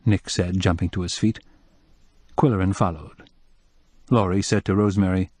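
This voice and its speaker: A man narrating a mystery audiobook in an even, measured reading. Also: deep voice, dry recording. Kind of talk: scripted narration.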